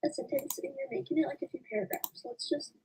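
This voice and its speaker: Young woman co-host, high and bouncy, gravelly edge, mic far off with faint hiss. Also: big pitch swings, quick pace, darkish tone. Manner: teasing, playful. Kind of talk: casual chat. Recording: distant voice with faint noise.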